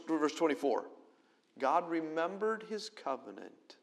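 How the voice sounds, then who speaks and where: A man's voice: medium pitch, animated, normal speed. A man preaching a conversational sermon. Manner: conversational preaching, swinging between loud emphasis and quiet close talk. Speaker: pastor.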